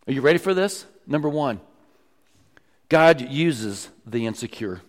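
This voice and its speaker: A man preaching a sermon as pastor, emphatic, often dropping to low, quiet lines for stress. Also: lively intonation, measured pace. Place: church sanctuary. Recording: long church reverb.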